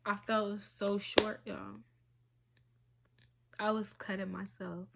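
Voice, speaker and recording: A woman talking in a halting, emotional way on a personal confessional vlog, often dropping to a whisper. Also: medium pitch, flat delivery, vocal fry, heavy background noise. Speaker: vlogger.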